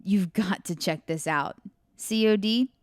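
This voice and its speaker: A woman's voice: mid-range voice, dry recording, studio quality. Woman reading her story aloud on a podcast. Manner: laughs often, quick asides. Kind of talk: reading aloud with casual chat asides.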